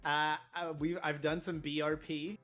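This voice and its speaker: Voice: mid-range voice, flat delivery, measured pace, a bit bright, soft background music. A guest role-player chatting casually on a stream in a laid-back, joking way. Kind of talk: casual chat.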